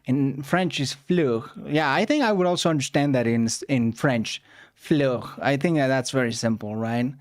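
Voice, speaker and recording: A man chatting casually as a reaction streamer, musing aloud in a relaxed, easygoing way. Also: mid-range voice, normal speed. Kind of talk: casual chat.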